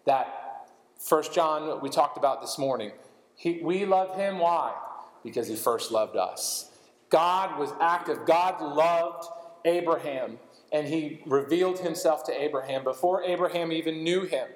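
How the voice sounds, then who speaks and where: A man's voice: on the high side, unhurried, roomy sound, long reverb tail, low-quality recording. A man preaching a sermon, walking through scripture passages and adding light asides as he reads. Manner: expository, reading scripture aloud with asides. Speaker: pastor.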